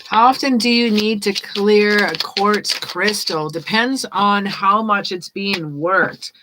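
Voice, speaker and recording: A woman giving tarot readings on a casual live stream, chatting and reading card meanings aloud as she thinks out loud. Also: mid-range voice, takes it slowly, noisy background. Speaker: tarot reader.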